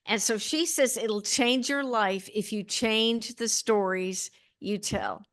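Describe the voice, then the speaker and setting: A woman's voice: medium pitch, slow, fairly bright tone. A woman co-hosting a casual podcast chat, earnest and reflective. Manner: earnest, reflective, faith-minded. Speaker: podcast co-host.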